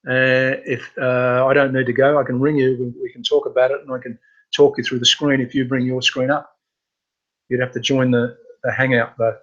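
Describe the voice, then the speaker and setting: A man hosting a casual live computer training webinar, talking in a halting way with many fillers and restarts. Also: mid-range voice, little pitch movement, fairly bright tone, highs cut off.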